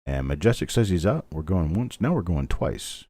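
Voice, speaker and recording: A man's voice: low-pitched, sing-song, moderate pace, dark tone, no echo, clean studio sound. A middle-aged man hosting a live online coin auction, calling bids steadily and chatting between lots. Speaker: auctioneer host.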